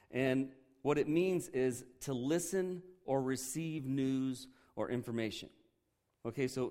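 A man preaching a Bible lesson in a conversational, joking way. He often checks in with "okay" and "right" and slows down to stress key words. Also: medium pitch, warm tone. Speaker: pastor teaching a Bible lesson. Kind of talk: sermon.

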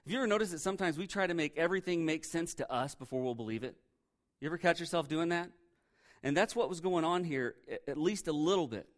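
A man's voice: a little high, fast. A male pastor preaching a sermon in a church, conversational and full of rhetorical questions.

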